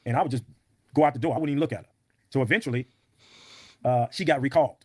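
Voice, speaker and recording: Fast-talking blunt man telling a story. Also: medium pitch, a little mellow, slightly rough, dry recording. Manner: emphatic, blunt, profane. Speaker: podcast guest. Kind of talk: storytelling in an interview.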